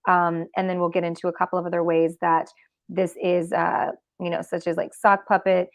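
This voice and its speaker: A woman's voice: lowish voice, little pitch movement, normal speed. A woman hosts an online talk show and works through a numbered list of points. She trips over a word now and then and starts it again. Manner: reads points in a list, with restarts. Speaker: host.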